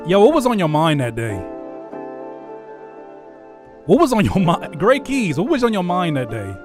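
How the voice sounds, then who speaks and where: A man's voice: high voice, huge pitch swings, moderate pace. A man hosting a casual reaction show, hyped up, exclaiming and chanting along to beats. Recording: loud hip hop music playing behind. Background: loud hip hop music.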